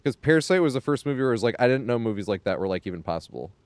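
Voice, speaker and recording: A male streamer talking off the cuff at an ordinary pitch, full of fillers and side tangents. He laughs easily as he goes. The sound is dry, with no room echo. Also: sing-song, racing, a little mellow. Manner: rambling, filler-heavy, laughs often. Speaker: game streamer. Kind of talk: casual live-stream chat.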